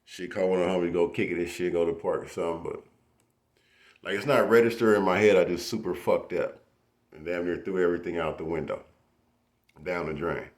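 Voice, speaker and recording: A man's voice: low-pitched, fairly even intonation, a little fast. A man casually telling a personal story with heavy profanity and street slang, acting out the voices of others. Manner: acts out quoted voices.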